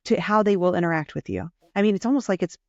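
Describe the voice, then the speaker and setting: A woman's voice: on the low side, quick pace, darkish tone, no room sound. A woman hosting a podcast interview who sums up her guest's ideas in a thoughtful way. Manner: thoughtful, sums up what she hears. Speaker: host. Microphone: video call. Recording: dull lo-fi video-call audio.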